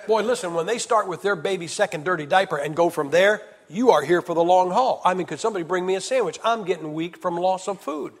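A man preaching an evangelist's sermon at a camp meeting, swinging from loud to hushed. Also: sits high, fast talker, hardly any pauses. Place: church hall. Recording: reverberant hall sound.

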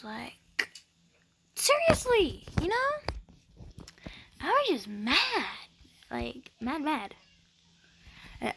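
A woman's voice: medium pitch, vocal fry, fairly bright tone. A woman chatting casually over a video game, rambling with lots of fillers. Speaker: gaming vlogger. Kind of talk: casual chat over gameplay.

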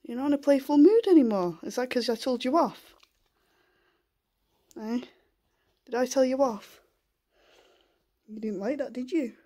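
A woman filming a casual home vlog in her living room, talking softly and in coaxing baby talk to a puppy, often half-whispering, on a handheld camera. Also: high-pitched, measured pace, long pauses. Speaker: vlogger.

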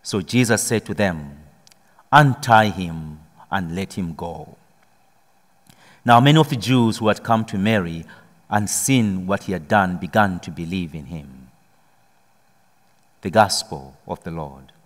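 In a large hall, a priest with a low, animated voice first gives a slow, solemn Gospel reading and then moves into a homily, rising emphatically to press his points.

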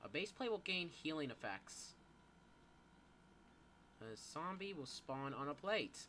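A teenage boy giving live gameplay commentary, excitable, yelping and swearing as things happen. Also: on the high side, slow, a little hiss or hum. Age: teens. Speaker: gamer.

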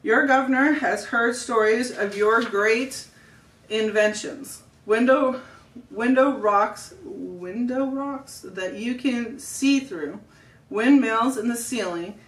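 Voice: medium pitch, slow, a bit bright. A family reader playing a stern Roman officer who speaks in a stiff, formal way. It is a storybook read-aloud voice. The room is roomy, and the mic is distant.

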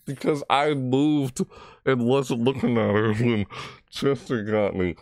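Over clean studio sound with no room echo, a man hosts a horror game let's play in a mid-range, slightly mellow voice, taking things slowly. He's a jumpy gaming channel host who grumbles at the game and yelps and cries out at the scares.

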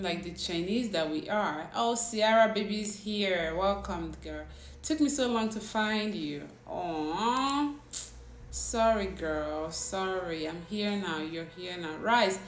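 Slow-talking young woman livestreaming, roomy echo. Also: medium pitch. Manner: chatty, teasing, reacts to comments. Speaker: livestream host. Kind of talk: casual livestream chat with viewers. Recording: roomy echo with faint background noise.

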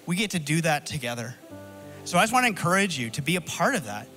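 A man's voice: on the high side, very animated, fast talker, bright, forceful tone, faint music behind. Earnest pastor preaching to his congregation. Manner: earnest, encouraging address to the congregation. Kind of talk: sermon.

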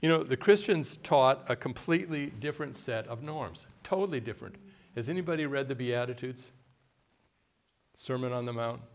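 An older man from the United States, giving a conversational workshop talk and often quizzing the audience with questions. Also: medium pitch. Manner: mimics a haughty deliberate voice at times. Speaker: workshop speaker.

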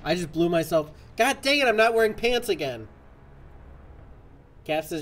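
A man's voice: high voice, expressive, moderate pace, long pauses, fairly bright tone, slight background noise. A man giving live commentary on a game he is playing, jokey and exasperated as he talks to the game. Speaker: streamer.

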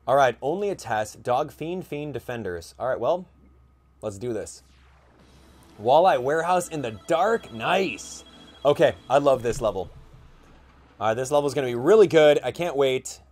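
A chatty young man commentating his own game as he plays, thinking out loud with plenty of ums and quick bursts of excitement. His voice sits in an ordinary middle register. Faint game music plays beneath him. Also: medium pitch. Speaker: gaming YouTuber. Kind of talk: gameplay commentary.

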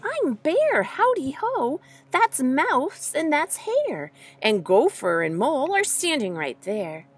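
A woman voicing a friendly, eager young male bear in a children's storybook, asking questions over and over and then warmly inviting a shy animal out. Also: sits high, sing-song, slow pace, pitched above the performer's own voice, full character voice. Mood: welcoming. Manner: insistent, questioning, welcoming.

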